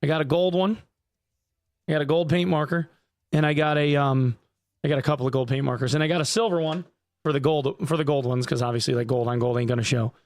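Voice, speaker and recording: A man's voice: on the high side, steady tone, fast talker, a little mellow, no room sound. A man streaming live, chatting casually with viewers, jokey and profane. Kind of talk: casual livestream chat.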